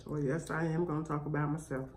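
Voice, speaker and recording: A woman chats away between bites on her eating show. She is relaxed and talkative, and there is a faint hum of room sound behind her. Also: low voice, fast. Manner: chatty, talks while chewing. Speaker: mukbang host. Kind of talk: casual chat while eating.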